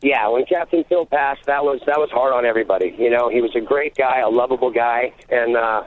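A man in his thirties chats easily as an interview guest, his words loose and full of "you know"s. He comes through a thin, tinny phone line with a middle-pitched voice. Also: a little fast, a little hiss or hum. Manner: casual, relaxed, full of fillers. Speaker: guest, fishing deckhand.

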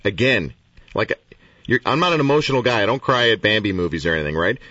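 A man hosting a radio interview, chatty and self-deprecating, talking in quick bursts. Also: fairly low pitch, lively intonation, bright, forceful tone, no room sound. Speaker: radio host. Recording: dull, distant from the mic.

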